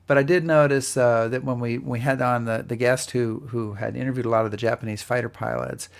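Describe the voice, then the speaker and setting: Gravelly-voiced man telling an anecdote. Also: mid-range voice, fairly even intonation. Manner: halting, with frequent repeated starts. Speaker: history podcast co-host. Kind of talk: casual conversational storytelling.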